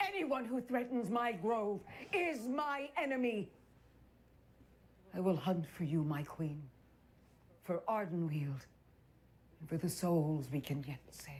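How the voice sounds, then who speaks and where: A woman's voice: fairly low pitch, takes it slowly, pauses often, a little mellow. Woman doing a solemn grove guardian. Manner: vowing, solemn. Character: devoted warrior woman guardian of a forest grove.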